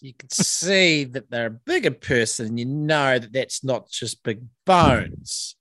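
A man's voice: medium pitch, lively intonation, slow pace, a bit bright, dry recording, clean studio sound. A man with a New Zealand accent, co-hosting a podcast in casual chat, laid-back and joking, with lots of slang. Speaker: podcast co-host.

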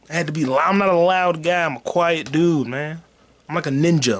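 A man hosting a podcast, ranting casually and profanely about a heckler, repeating himself and swinging between low mutters and shouts. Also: fast. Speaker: podcast host and stand-up comic. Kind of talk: casual rant.

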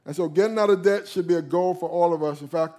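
A male pastor preaching a sermon, emphatic, slowing down and leaning on key phrases. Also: high-pitched, dark tone.

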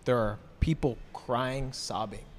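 A man's voice: mid-range voice, fairly even intonation, slow. A man who leads breathwork sessions, explaining with confident affirmation in casual podcast talk. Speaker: breathwork coach. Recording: reverberant room with faint noise.

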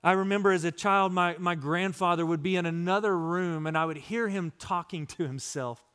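A man's voice: high-pitched, moderate pace, fairly bright tone, clear, resonant tone. A middle-aged male pastor preaching a sermon in a conversational, storytelling way, acting out the voices of people he talks about.

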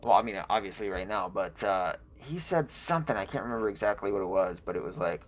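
A man's voice: fairly low pitch, lively intonation, fast, hardly any pauses. Man, livestream host, blunt, swears a lot, restarts sentences, laughs at himself. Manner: profane, blunt, frequent restarts; chuckles at himself. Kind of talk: casual rambling livestream talk.

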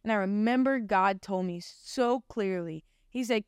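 A woman's voice: medium pitch, unhurried, hardly any pauses, darkish tone, smooth, no echo, studio quality. A young adult woman sharing her personal Christian testimony in a casual, heartfelt way, often saying "like". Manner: casual, heartfelt, heavy use of "like".

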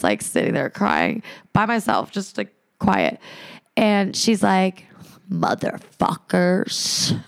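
A woman telling a wild personal story on a podcast, profane and animated, acting out the other people in it. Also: mid-range voice, creaky. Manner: animated, profane, acts out quoted voices. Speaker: podcast guest. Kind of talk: casual storytelling chat.

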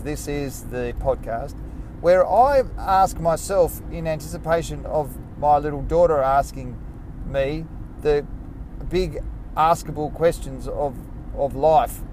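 A man's voice: on the high side, a little mellow, a little hiss or hum. Rambling, self-mocking male podcast host. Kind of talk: casual solo podcast monologue.

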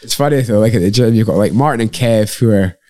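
A man's voice: fairly low pitch, quick pace, mellow. A Scottish man, a podcast guest who fights and coaches MMA, telling stories in a casual chat, laughing often and acting out the people in them. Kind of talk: casual chat, lively storytelling.

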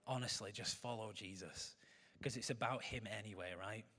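A man's voice: fairly low pitch, normal speed, pushed and bright. A man, a pastor giving a sermon in a chatty way, with joking asides to the congregation.

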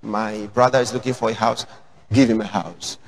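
A man voicing a churchgoer who rattles off a rote wish-list prayer in a low, droning tone. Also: moderate pace, lightly acted, low-quality recording. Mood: rote pleading. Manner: droning, rote, monotonous listing.

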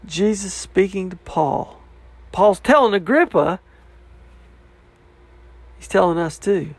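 A man reading scripture aloud and explaining it in an earnest, reflective way, sometimes dropping to a hushed voice. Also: high voice, expressive, slow, long pauses, breathy edge. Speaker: Bible teacher.

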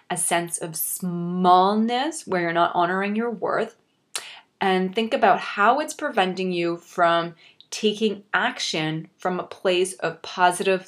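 Earnest young woman hosting a motivational podcast. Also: fairly low pitch. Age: young adult. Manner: earnest, encouraging, self-reflective; speaks directly to the listener. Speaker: podcast host.

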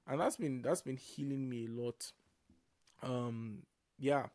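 A man co-hosting a casual faith podcast, relaxed and reflective, laughing easily, talking over a video call. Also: mid-range voice, slow, dry recording. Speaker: podcast co-host.

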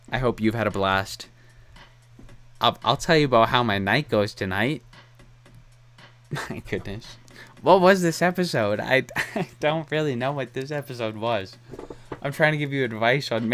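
A young man hosting his own podcast in a loose, unscripted chat. His voice sits at an ordinary middle pitch for a man. He wanders from point to point in a candid way and breaks into laughs now and then. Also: normal speed, long pauses, fairly bright tone. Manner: rambling, candid, laughs often. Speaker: podcast host. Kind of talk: casual solo podcast chat.

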